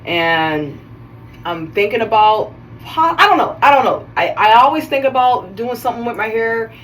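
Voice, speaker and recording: A woman's voice: fairly high pitch, expressive, moderate pace, fairly bright tone, far from the mic, poor audio. A woman hosting a casual self-care video, chatting while she styles her hair and often stopping to correct herself mid-sentence. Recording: voice a bit off-mic, faint background noise.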